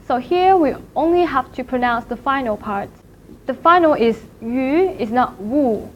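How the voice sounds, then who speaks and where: A woman teaching a language class in a recorded lecture, speaking slowly and carefully and repeating each syllable to demonstrate it. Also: high-pitched. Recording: dull lo-fi recording with faint noise.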